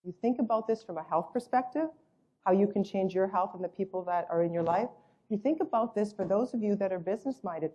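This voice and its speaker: A woman gives an enthusiastic sales presentation about a business and its products. Her voice is mellow and warm, of middling pitch, and she stresses her superlatives with emphatic conviction. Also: a little fast, dull audio. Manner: acts out quoted voices in storytelling. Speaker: network marketing presenter.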